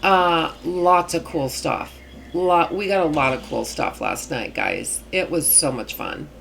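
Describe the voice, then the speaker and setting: Low, gravelly-voiced woman gaming host. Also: big pitch swings, measured pace, a bit bright, slight background noise. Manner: chatty, rambling with many fillers. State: morning voice. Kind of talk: casual gameplay commentary.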